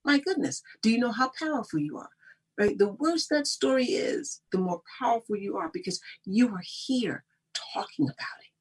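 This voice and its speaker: Emphatic husky-voiced woman. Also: a little high, animated, moderate pace. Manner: emphatic, preachy, often laughing. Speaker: guest speaker on personal growth. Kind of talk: motivational conversation.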